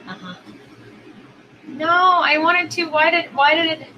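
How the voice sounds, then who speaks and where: A young woman with a very high voice vlogs unhurriedly while chatting with strangers on video, rambling with lots of fillers and repeated words. The recording is muffled, with slight background noise.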